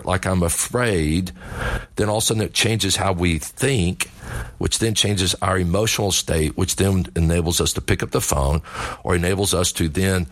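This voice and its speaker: A middle-aged man giving an energetic motivational talk as a sales coach, telling stories with acted-out dialogue. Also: low voice, dry recording.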